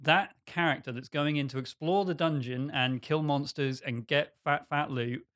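A man hosting a podcast, pitching a game idea in a rambling, self-mocking way and laughing often. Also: normal speed, fairly bright tone. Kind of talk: casual chat.

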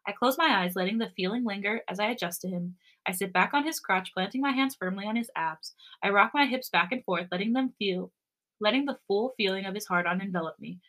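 Bright-voiced girl reading fanfic out loud on a podcast, expressive, giggles now and then. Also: medium pitch, fairly quick. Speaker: podcast co-host. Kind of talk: reading fan fiction aloud.

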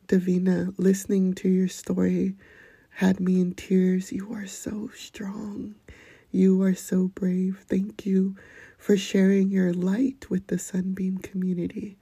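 Soft, slow-spoken woman podcast host. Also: medium pitch, no echo. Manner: soft-spoken, often slipping into a breathy near-whisper. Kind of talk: gentle motivational talk and poetry reading.

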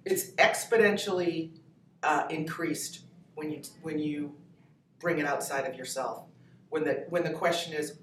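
A woman comedian in her fifties from New Hampshire tells lively stories and laughs easily as a podcast guest. Her voice sits on the lower side and sounds a little distant. The room is echoey, with faint ambient noise behind her. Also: normal speed. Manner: animated, laughing storyteller. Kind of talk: podcast interview.

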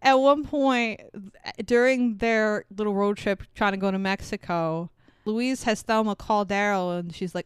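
Woman, podcast co-host, casual movie chat, swears a lot, very smooth clear voice, dry close sound. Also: medium pitch, moderate pace, no room sound. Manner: chatty, swears freely, laughs often.

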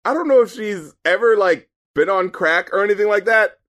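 A man co-hosting a podcast, chatting casually and swearing through animated, incredulous rants about an album. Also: high-pitched, fairly quick. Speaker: podcast co-host reviewing albums. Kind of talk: casual chat.

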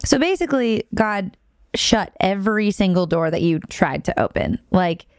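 A smooth-voiced young woman telling a story. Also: medium pitch, no echo, clean studio sound. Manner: animated and quick, often laughing mid-story. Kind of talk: casual storytelling chat.

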